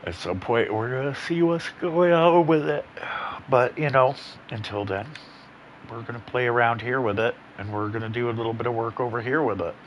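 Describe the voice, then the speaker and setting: A man's voice: mid-range voice, moderate pace, highs cut off, slight background noise. A man casually commenting on his gameplay, rambling and blunt, with plenty of swearing. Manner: laid-back, rambling, profane and blunt. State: yawning, a bit tired. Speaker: gaming channel host.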